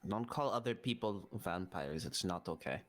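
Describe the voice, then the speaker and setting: A man's voice: deep voice, lively intonation, moderate pace, fairly bright tone. A man playing a tabletop game, joking and laughing with the group. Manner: playful, laughing. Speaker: player. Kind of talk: casual tabletop banter.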